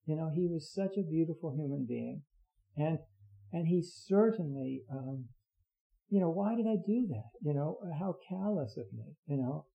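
An older man giving an earnest dharma talk as a Zen teacher, halting with many fillers and restarts. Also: high voice, animated, warm tone. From United States. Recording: dull lo-fi recording.

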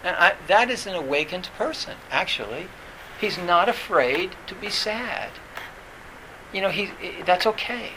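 A man teaching as a Zen teacher in a dharma talk, halting and full of fillers and restarts. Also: high voice, animated, noisy background.

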